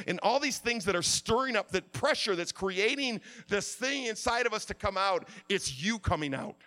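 Man, preacher, high voice, bright and forceful, impassioned sermon, middle-aged. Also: lively intonation, fairly quick. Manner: impassioned, swings from quiet to shouting. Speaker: pastor.

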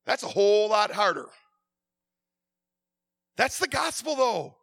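High, bright male preacher, impassioned sermon delivery, stammers, swings from hushed to shouting. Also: sing-song, slow pace, long pauses, no echo, clean studio sound.

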